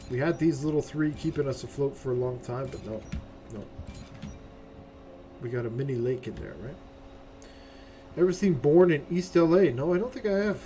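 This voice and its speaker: A medium-pitched man provides casual gameplay commentary as a streamer, with game music and other noise in the background. He's chatty and profane, often ending his lines with "right?".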